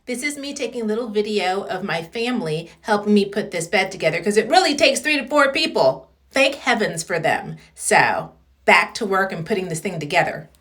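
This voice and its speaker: A middle-aged woman chatting excitedly in a casual home makeover vlog, recorded indoors at her home. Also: medium pitch, fairly quick, roomy sound.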